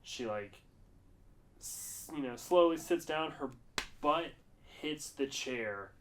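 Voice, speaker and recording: Here a podcast co-host tells rambling stories in casual conversation, full of fillers and profanity. His voice is a little high, animated and fairly bright, and he speaks slowly.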